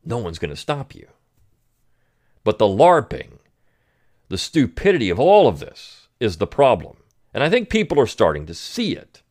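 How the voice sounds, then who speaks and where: Man, podcast host, sarcastic, mocking, animated pitch, commentary monologue. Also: moderate pace, long pauses.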